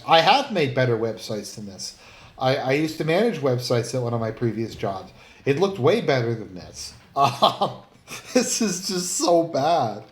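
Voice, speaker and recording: A man rambles through casual online commentary, blunt and full of fillers, with the odd swear word. His voice sits at a middle pitch. The recording has a noticeable room echo. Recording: roomy, echoey room.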